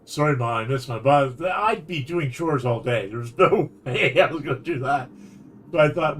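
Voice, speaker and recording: While streaming a game, a Canadian man tells a meandering, animated story at a moderate pace, with restarts and bursts of laughter. His voice is medium-pitched, and a little hiss or hum sits in the background.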